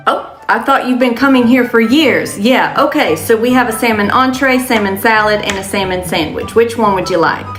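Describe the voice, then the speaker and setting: A woman telling comic restaurant stories as a server, sarcastic and deadpan. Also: on the high side, normal speed, few pauses. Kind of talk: comedic storytelling. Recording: roomy echo with music.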